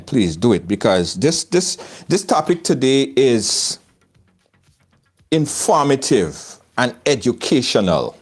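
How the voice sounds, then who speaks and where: A man from Trinidad with a Trinidadian accent, hosting a live talk show over a video call, laughing often and repeating himself. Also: medium pitch. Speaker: host. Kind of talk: lively live-show chat.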